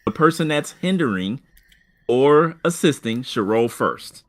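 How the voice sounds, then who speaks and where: A man running a tabletop game as game master, talking in halting stretches full of fillers and restarts. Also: medium pitch, animated.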